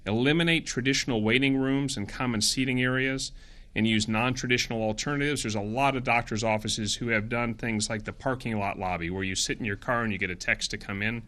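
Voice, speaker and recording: Earnest man, bright forceful voice. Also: lowish voice. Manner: earnest, brisk, self-correcting. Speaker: public health official at a press briefing. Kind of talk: briefing press, explaining guidelines from slides.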